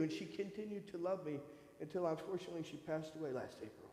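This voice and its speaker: A man in his fifties from northern Michigan giving a personal testimony at a church service, telling his story in an animated way and acting out other people's voices. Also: fairly high pitch, quick pace. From northern Michigan, USA. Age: 50s. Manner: animated storyteller who acts out voices in quotes. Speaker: guest speaker at a church service. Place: church sanctuary. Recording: echoey hall with long reverb.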